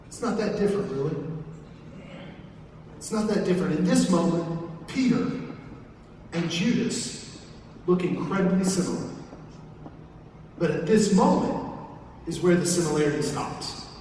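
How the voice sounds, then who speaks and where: A man's voice: high voice, darkish tone, a little hiss or hum. A man from southern West Virginia with an Appalachian accent, preaching a sermon in a folksy way with joking asides. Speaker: pastor. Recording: echoey hall, from far off.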